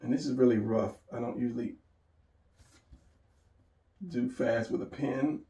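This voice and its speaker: A gravelly-voiced man with a mellow tone walks through a drawing lesson in a loose, rambling way, talking to himself as he sketches. He sounds a little away from the mic, in an echoey room. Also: mid-range voice, fairly even intonation, measured pace, recorded from a distance, dull audio. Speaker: drawing instructor. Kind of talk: casual drawing tutorial.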